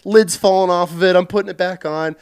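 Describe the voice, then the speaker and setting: Guest: male veteran from central Washington, lively raconteur, slightly high pitch, acts out scenes loud. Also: brisk, smooth. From central Washington, USA. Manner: animated, reenacts scenes loudly. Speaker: podcast guest, Marine veteran. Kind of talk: casual storytelling.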